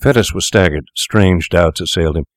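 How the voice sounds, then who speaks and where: A man narrating a story in a measured, grave manner. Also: sits low, no echo, clean studio sound. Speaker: audiobook narrator. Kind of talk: scripted narration.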